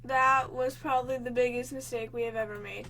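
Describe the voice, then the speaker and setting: A woman's voice: on the high side, brisk. A young woman giving let's play commentary on a game, reacting with gasps and panicky exclamations. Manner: excitable, gasping, panicky exclamations. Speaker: gaming channel host.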